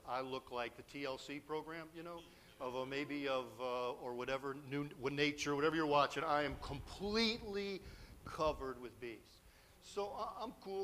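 Male preacher, storytelling sermon, animated, somewhat high-pitched voice. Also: a little hiss or hum. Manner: animated storyteller, acts out quotes, grows loud and excited.

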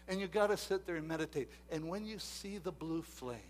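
A man preaching a sermon, moving from quiet asides to loud emphatic exhortation and repeating himself often. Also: on the high side, fairly quick, a little hiss or hum. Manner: repeats words and restarts often.

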